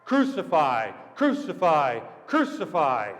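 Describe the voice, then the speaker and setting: A pastor voicing a furious man shouting and chanting in an angry mob, in an echoey church hall. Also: fairly high pitch, wildly swooping pitch, takes it slowly, full character voice.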